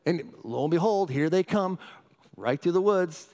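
High-ish voiced pastor guy, middle aged, preaching, keeps asking "right?". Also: moderate pace. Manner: energetic, questioning the congregation, frequent "right?". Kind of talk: sermon.

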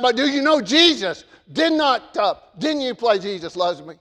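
A man preaching a sermon, stammering on repeated words and swinging between loud emphasis and quiet asides. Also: extremely high pitch, big pitch swings, moderate pace, long reverb tail.

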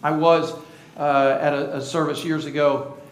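A man's voice: fairly high pitch, level tone, a little slow, reverberant, rough recording. A male pastor preaching a sermon, quizzing the congregation and joking at his own expense. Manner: engaging, asks the congregation questions; playful, self-teasing humor. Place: church.

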